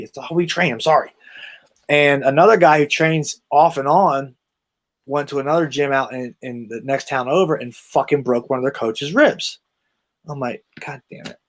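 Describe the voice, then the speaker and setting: A man who is an interview guest and gym owner, telling stories casually with lots of swearing, often trailing off quietly. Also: medium pitch. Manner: profane, animated storytelling, trails off quietly.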